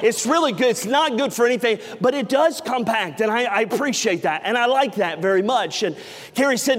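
A man's voice: high voice, expressive, normal speed. A middle-aged man preaching a sermon, telling a self-mocking family story with acted-out dialogue before turning to scripture. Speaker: pastor. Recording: reverberant hall.

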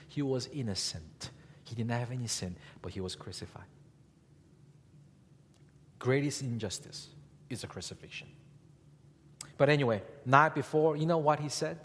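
Husky-voiced male pastor preaching in a reverberant hall. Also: medium pitch, a little slow, long pauses. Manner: animated preaching with rhetorical questions to the congregation. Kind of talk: sermon.

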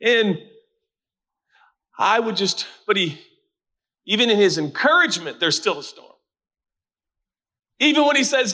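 A man preaching a sermon who swings between loud, dramatic shouting and hushed, low asides. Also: expressive, unhurried, pauses often. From Portland, Oregon. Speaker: pastor.

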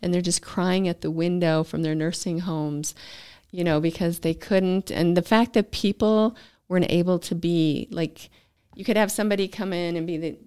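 A woman's voice: fairly low pitch, steady tone, normal speed, hardly any pauses, dark tone, smooth, no room sound, clean studio sound. A woman hosting a podcast interview, talking carefully and hesitantly, often trailing off. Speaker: podcast host.

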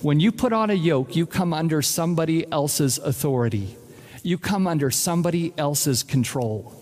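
A man's voice: fairly high pitch, lively intonation, moderate pace, darkish tone. A man preaching a sermon as pastor, emphatic and direct, repeating his key phrases to the congregation. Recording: long reverb of a large hall.

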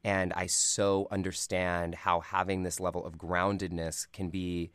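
A man hosting a podcast in casual, animated chat, laughing often and acting out little scenes. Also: deep voice, a little slow, smooth, dry recording. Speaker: podcast host.

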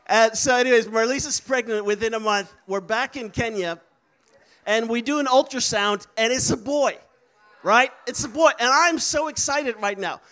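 A man's voice: very high-pitched, normal speed, sharp tone. A man preaching a sermon, telling a story with laughs and acting out the voices of people he quotes. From Netherlands.

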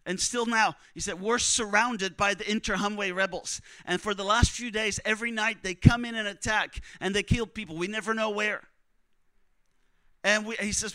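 A man preaching, telling a story in a conversational, animated way and acting out what others said. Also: high voice, smooth, no echo. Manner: animated, conversational, acts out quotes. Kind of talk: sermon storytelling.

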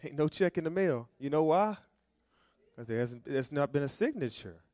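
A pastor delivers his sermon in a folksy, storytelling way. He keeps throwing questions out to the congregation for them to answer. His voice sits a little high for a man and sounds dry, with no room echo. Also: expressive, moderate pace, a little mellow. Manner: call-and-response preaching, asking the congregation to fill in words.

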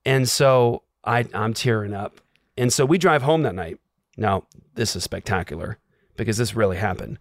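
A man's voice: on the low side, normal speed, no echo, clean studio sound. Man telling an earnest personal story. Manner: earnest, emotional, filler-heavy with many "like"s. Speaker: guest sharing a personal story. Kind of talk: casual storytelling.

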